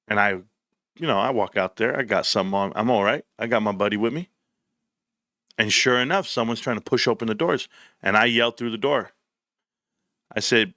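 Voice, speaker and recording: Brisk but broken up by long pauses, this lowish male voice belongs to a middle-aged livestream host chatting casually. He spins blunt, lively stories peppered with slang, recorded at studio quality with no echo.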